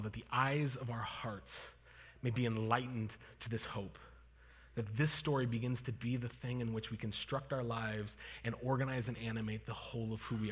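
Male pastor, 30s, earnest and conversational sermon, husky edge, long church-hall reverb. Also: mid-range voice. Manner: earnest, conversational, with fillers and restarts. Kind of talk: sermon and prayer. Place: church sanctuary.

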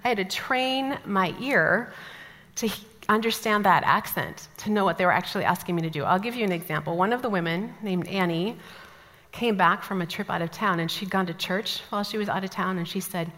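A woman from the American Midwest teaching a Bible study, telling stories with lively asides. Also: medium pitch, a little fast. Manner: animated storytelling, lively asides. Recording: long hall reverb.

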